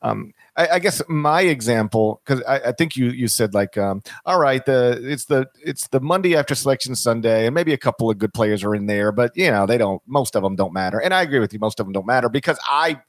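A man's voice: mid-range voice, lively intonation, fairly quick, few pauses, no echo. A man in a casual podcast discussion on college basketball, thinking aloud and often repeating his words as he makes his point.

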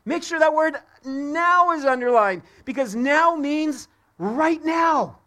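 A man's voice: extremely high pitch, expressive, takes it slowly, sharp tone. A man preaching a live sermon as pastor in a church, emphatic and repeating key words for stress. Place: church sanctuary.

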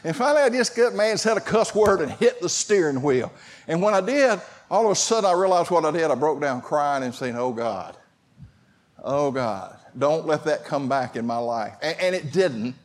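A pastor preaching a sermon, talking conversationally and calling out to the congregation. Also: male voice, a little high. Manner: conversational preaching with audience call-outs.

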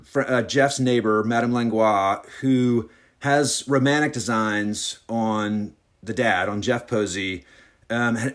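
A man with an Alabama accent chatting haltingly as a podcast guest, then reading aloud from his own novella. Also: fairly low pitch. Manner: halting, many fillers and restarts when chatting.

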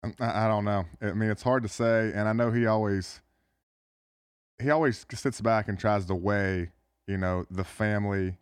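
A low, smooth male voice, recorded close and dry in a studio. He is a former football player in his thirties, answering questions casually, pausing often and restarting his sentences with plenty of fillers. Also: fairly even intonation, no echo. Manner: halting, lots of fillers and restarts. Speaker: NFL tight end guest. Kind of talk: casual podcast interview.

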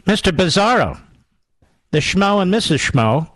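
Brief: combative man hosting radio, mocking delivery, animated, dry close mic. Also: high-pitched, a little slow, no room sound. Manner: sarcastic, mocking, mimics others. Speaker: talk radio host. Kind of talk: combative political commentary.

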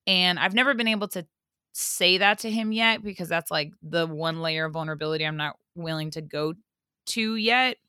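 A young woman hosting a podcast, telling a story in casual chat, animated, full of fillers and swearing. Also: fairly low pitch, normal speed, clear, resonant tone, no room sound, clean studio sound. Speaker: podcast host.

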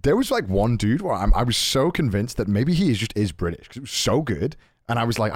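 A man's voice: medium pitch, slightly rough, no echo, studio quality. A young man from Wales, with a light Welsh accent, telling stories in a casual podcast chat and mimicking accents. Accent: light Welsh, softened by years in Japan. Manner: animated storyteller, quick to mimic accents. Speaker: podcast guest.

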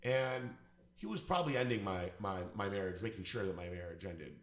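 A man with a fairly low voice tells a personal story in a loose, conversational way. He is blunt and profane and hits his points hard. The recording has a noticeable roomy echo. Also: expressive, a little fast. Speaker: business owner telling a personal story. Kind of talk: casual storytelling. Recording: echoey room.

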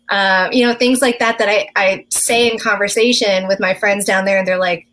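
A woman's voice: mid-range voice, normal speed, hardly any pauses, a bit bright. A woman from Newfoundland with a Newfoundland accent, a singer-songwriter guest talking casually and filling her speech with "like". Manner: chatty, uses many "like" fillers. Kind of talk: casual interview chat.

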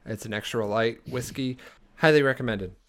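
A young man hosts a casual podcast chat with friends, rambling along with lots of fillers, false starts and restarts. His voice is at an ordinary middle pitch, a bit bright, and he speaks at a moderate pace.

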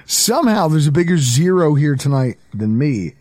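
Podcast host, a man, expressive and quick to laugh, pitch all over the place. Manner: animated storyteller, laughs a lot. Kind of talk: casual sports podcast banter.

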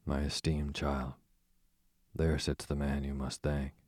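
A man voicing a smooth, sarcastic aristocratic duke with a dry, drawling manner. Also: extremely low pitch, little pitch movement, slow pace, a little mellow, no echo, full character voice. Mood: sardonic. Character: sardonic aristocratic male duke, languid and smooth.

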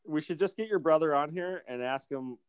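A man from Ohio co-hosting a casual sports podcast, dropping short deadpan remarks. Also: on the high side, fairly quick, smooth, no room sound. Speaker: podcast co-host.

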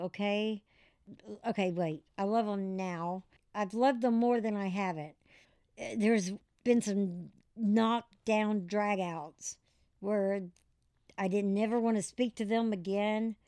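A woman guest in an interview, telling candid stories in an animated way and laughing as she goes. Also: medium pitch, dry recording, studio quality.

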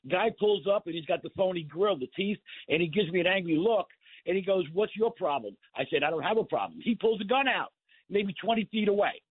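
A man's voice: high voice, animated, fairly quick, slightly rough, dry recording. A man in his sixties calling in to a radio show, chatting and telling a story. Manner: conversational, storytelling. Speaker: caller. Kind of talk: call-in radio talk. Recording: phone line.

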